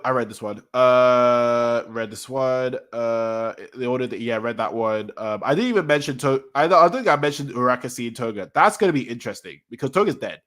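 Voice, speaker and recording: A man streaming a casual manga reaction, rambling excitedly and correcting himself as he goes. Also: mid-range voice. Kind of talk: casual live-stream talk.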